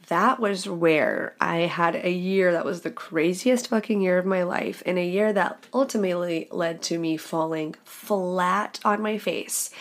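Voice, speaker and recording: Young female podcast host, casual confessional storyteller, lower-pitched voice, frank and expressive. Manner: candid, expressive, swears freely.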